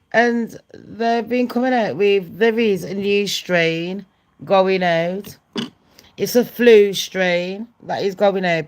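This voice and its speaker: A woman's voice: mid-range voice, a little mellow. A woman, hosting her channel and gossiping in a loose, profane way, often laughing at her own jokes. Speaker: channel host. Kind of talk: casual gossip chat.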